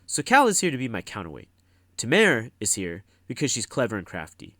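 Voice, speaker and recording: A man's voice: mid-range voice, wildly swooping pitch, brisk, bright, forceful tone, no room sound, clean studio sound, voice pushed up, full character voice. A man voicing an earnest teenage boy hero who speaks in a controlled, earnest way.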